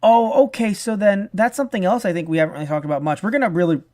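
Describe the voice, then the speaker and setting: A man co-hosting a casual review podcast. He talks in an animated way, swears, restarts his sentences and acts out the lines he quotes. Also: sits high, fast. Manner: profane. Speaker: podcast co-host.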